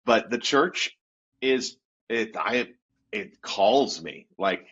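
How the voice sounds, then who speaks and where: Husky-voiced man in his fifties. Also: on the low side, extremely slow. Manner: animated, laughing storyteller. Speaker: youth pastor, guest. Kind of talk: casual storytelling interview. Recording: dull lo-fi sound.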